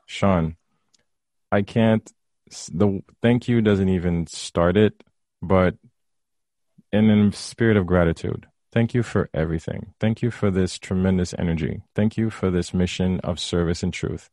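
Deep-voiced earnest male podcast host. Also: steady tone, dark tone, no echo, studio quality. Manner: earnest, grateful, measured. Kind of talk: interview chat.

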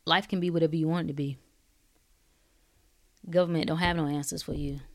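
A woman's voice: low-pitched, steady tone, brisk. A woman in a casual monologue, blunt and preachy, firing off sarcastic rhetorical questions in slangy talk.

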